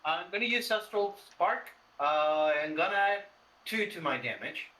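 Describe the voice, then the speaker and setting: A man playing a tabletop game, halting and filling pauses with uh. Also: sits high, animated, pushed and bright, rough recording. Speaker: player. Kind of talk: casual tabletop game play.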